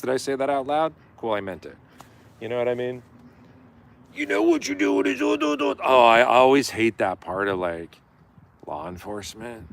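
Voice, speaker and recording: A middle-aged man telling a story in a casual, profane live-stream rant. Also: on the low side. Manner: profane, animated, acts out yelling quotes.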